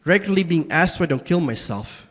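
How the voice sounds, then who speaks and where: Young guy doing a raw one-man stage show, kinda high voice, long echo off the room. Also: lively intonation, fast talker. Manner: raw, swings from quiet confession to angry outbursts. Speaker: solo stage performer. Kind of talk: one-man tragicomedy monologue. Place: small basement performance space.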